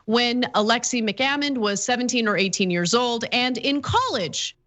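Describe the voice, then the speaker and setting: A woman's voice: fairly high pitch, expressive, normal speed, a bit bright. A woman co-hosting a talk show, reading out news items with wry, hesitant asides.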